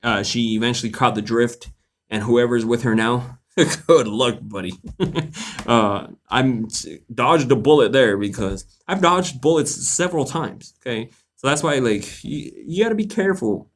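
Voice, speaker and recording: A man's voice: medium pitch, normal speed. Laughing, cussing storyteller guy. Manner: animated, laughs often, swears freely. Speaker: host of a live Q&A stream. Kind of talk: casual storytelling to viewers.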